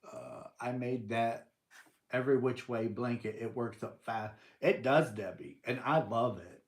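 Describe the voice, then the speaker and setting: Unhurried older man hosting a playful live chat. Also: mid-range voice. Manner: playful teasing, laughs often. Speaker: livestream host. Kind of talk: casual live-stream chat answering viewers.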